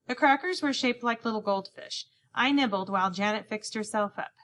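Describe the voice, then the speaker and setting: A woman's voice: fairly high pitch, fairly quick, a bit bright. Lady reading a kids' chapter book aloud, narrating as a boy and doing all the voices. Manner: reads in a boy's first-person voice, acting out each character's lines. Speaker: audiobook narrator. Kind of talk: scripted narration.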